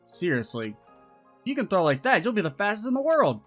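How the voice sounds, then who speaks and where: Cocky teenage boy, read by a man, lowered, gruff and dismissive. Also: huge pitch swings, fairly quick, a bit bright, faint music behind, heavily acted. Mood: blunt.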